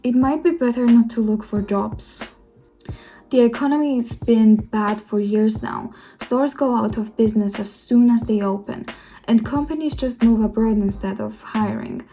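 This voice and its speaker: A woman's voice: fairly high pitch, moderate pace, dark tone, natural voice. A woman voicing a chatty young woman who works as a civil servant, talking in a frank, matter-of-fact way. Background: faint music.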